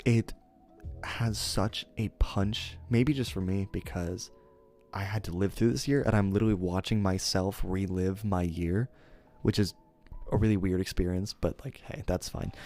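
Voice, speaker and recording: A man's voice: fairly low pitch, dark tone. A young man streamer casually telling a story to his chat, rambling and interrupting himself, laughing at his own remarks. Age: young adult.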